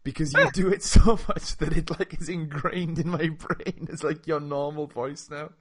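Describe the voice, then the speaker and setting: A man's voice: on the high side, fairly even intonation, moderate pace, a bit bright. Laughing, teasing young man on a podcast. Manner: laughs often, teasing, rambling with restarts. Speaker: podcast co-host. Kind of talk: casual chat.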